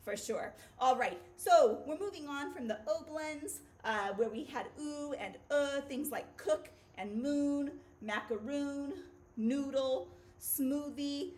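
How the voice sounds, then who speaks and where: A woman's voice: high-pitched, slow, a little mellow. A woman teacher giving a children's phonics video lesson in an upbeat, playful way.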